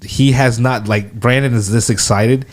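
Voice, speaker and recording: A man co-hosting a podcast, mostly chiming in with short, relaxed agreement in casual movie chat. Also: mid-range voice, moderate pace. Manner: laid-back, short agreeing interjections. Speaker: podcast co-host.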